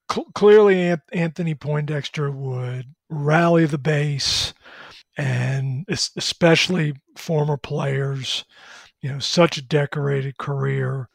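A man analyzing college football in a measured way on a sports talk show, citing details and history. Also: a little high, vocal fry, husky, no echo, clean studio sound.

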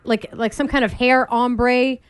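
A woman joins the morning radio banter with playful jokes. Her voice is smooth and clear, set at an ordinary pitch. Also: fairly even intonation, unhurried, no echo. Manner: playful, joking.

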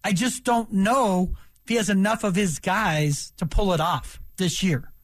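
A man's voice: high voice, a little slow. A man in his fifties hosting sports talk radio, emphatic and opinionated, speaking animatedly into a studio mic.

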